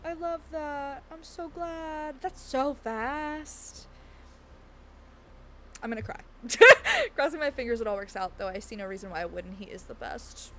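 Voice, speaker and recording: A woman's voice: high voice, very animated, unhurried, pushed and bright, slight background noise. A woman game streamer chatting casually with her viewers in a bubbly, giggly, gushing way.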